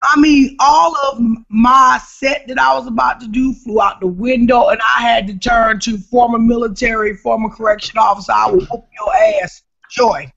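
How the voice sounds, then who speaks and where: A woman comedian from New Jersey, telling an animated, emphatic story as a podcast guest. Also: on the high side, moderate pace, vocal fry, few pauses. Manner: animated, emphatic storyteller who shouts at the punchlines. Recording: dull lo-fi podcast recording.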